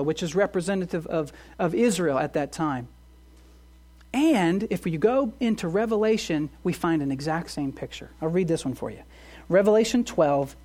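Brief: woman pastor, sermon delivery, earnest, rises to fervent exclamations. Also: medium pitch. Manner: earnest, swings between quiet emphasis and fervent exclamations.

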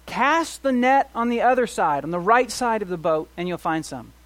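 A male preacher voicing a calm male teacher who calls out from the shore, with gentle urging. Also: sits high, moderate pace, pitched above the performer's own voice.

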